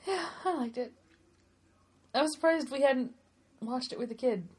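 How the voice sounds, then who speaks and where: A woman's voice: high voice, normal speed, darkish tone, husky. A woman in her thirties co-hosting a casual chat and telling stories with a lot of laughter. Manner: chatty, giggly storyteller. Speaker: podcast co-host.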